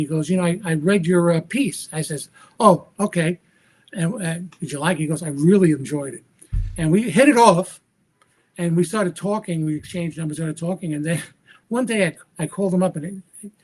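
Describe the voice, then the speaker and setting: A man's voice: on the high side, slightly rough. A man, a magician guest on a podcast, telling a story with energy and acting out the voices of the people in it. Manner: acts out quoted dialogue with lively voice shifts. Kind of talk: animated anecdotal storytelling.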